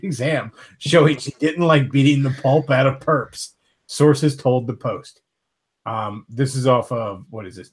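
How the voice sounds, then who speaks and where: An American man hosting a livestream, reading news stories aloud and joking in casual chat. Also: mid-range voice. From United States. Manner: joking, laughs often. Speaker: livestream host.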